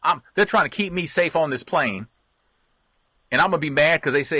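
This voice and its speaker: Chatty bright-voiced man hosting a stream. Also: a little high, fairly quick, pauses often, slightly rough, no echo. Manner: chatty, laughs often, repeats himself. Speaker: host reading viewer comments. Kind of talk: casual live-stream chat.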